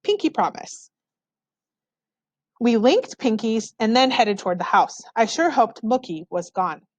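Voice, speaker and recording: A woman's voice: fairly high pitch, moderate pace, no echo. A woman reading a children's novel aloud, narrating expressively in the first person. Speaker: storybook reader.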